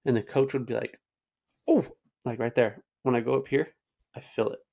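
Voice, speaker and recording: A man's voice: medium pitch, level tone, a little fast, gravelly, darkish tone. A young man hosting his own show, telling long, loose stories to the camera in slangy talk full of "like" and "dude". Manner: rambling, slangy, says "dude" and "like" often. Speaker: host. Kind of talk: casual storytelling to camera.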